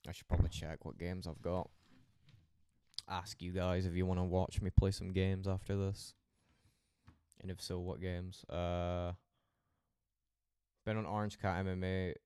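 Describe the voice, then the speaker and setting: Deep-voiced, swearing Scottish streamer. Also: male voice, little pitch movement, unhurried, long pauses, warm tone, clear, resonant tone, dry recording, clean studio sound. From Scotland. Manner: rambling, heavily profane banter. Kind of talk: casual live-stream chat.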